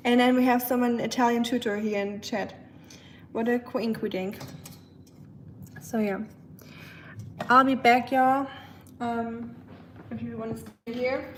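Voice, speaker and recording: On a casual cooking livestream from her home kitchen, a German woman speaks with a German accent into a phone propped on the counter. Her voice sits on the high side, slightly mellow and fairly even, at a measured pace with frequent pauses, and a faint hiss or hum comes through. She keeps things chatty, often laughing as she reads and answers viewers' comments.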